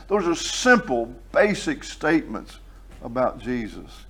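A man preaches a sermon to his congregation in an expressive, mid-range voice, shifting from quiet, conversational asides to slow, loud, emphatic declarations.

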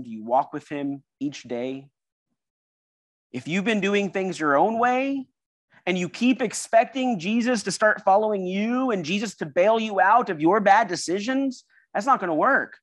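A man's voice: high voice, lively intonation, moderate pace, no room sound. A man preaching a sermon in a church service, earnest and emphatic, building his points through repeated phrases.

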